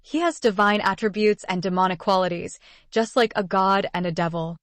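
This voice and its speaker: A sweet, spoiled teenage girl in a storybook, read out by a woman narrator. Her tone stays sweet and spoiled, at a middle pitch, with a dry, close sound. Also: normal speed, no room sound, close to an everyday voice. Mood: pouting.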